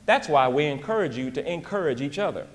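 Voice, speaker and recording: A man giving a live motivational talk in an animated, folksy way, often dropping in casual asides to the crowd. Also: a little high, a little fast, big-room sound. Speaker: motivational speaker and singer.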